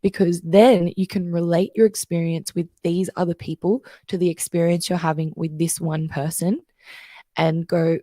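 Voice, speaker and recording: A woman's voice: fairly low pitch, flat delivery, normal speed, mellow, dry recording, clean studio sound. A woman guest coach explaining things in casual interview chat, telling stories and acting out the voices she quotes.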